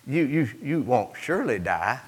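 A man's voice: mid-range voice, very animated, normal speed, slightly rough, voice pushed down. A man voicing a sly male serpent, coaxing and insinuating as he quotes it in a sermon.

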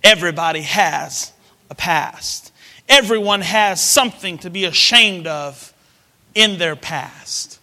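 A man's voice: high-pitched, takes it slowly, bright, forceful tone. A man preaching a sermon, building emphatic repetitions and leading the congregation in responses. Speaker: pastor.

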